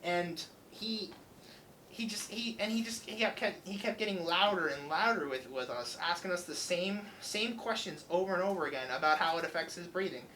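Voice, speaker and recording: Speaking at normal speed in a fairly high voice, a young student radio host tells a story with lots of energy, voicing the customers' lines himself. It's casual storytelling, on a rough recording with slight hiss or hum.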